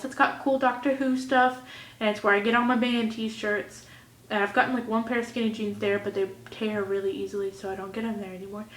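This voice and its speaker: A teenage girl vlogging casually, rambling in a goofy way and swinging between mumbles and loud outbursts, recorded on a phone or webcam at home. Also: fairly high pitch. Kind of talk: casual vlog rant. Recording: echoey room.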